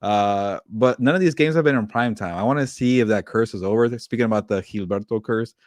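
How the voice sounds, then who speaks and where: A man's voice: lowish voice, brisk, a little mellow, no room sound, studio quality. A man co-hosting a podcast, chatting casually about football, laughing often and using lots of fillers and restarts. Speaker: podcast co-host. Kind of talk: casual sports chat.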